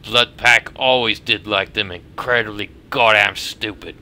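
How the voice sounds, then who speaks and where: A man's voice: lowish voice, fairly even intonation, measured pace, pushed and bright, full character voice. A man voicing a blunt mercenary in a put-on Australian accent, telling a war story from a game. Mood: boastful. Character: gruff male mercenary telling war stories.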